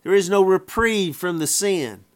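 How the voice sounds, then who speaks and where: A male preacher delivering a sermon at an unhurried, deliberate pace. His voice sits a little higher than most men's, and he hammers points home by repeating his phrases. The wording is plain and folksy.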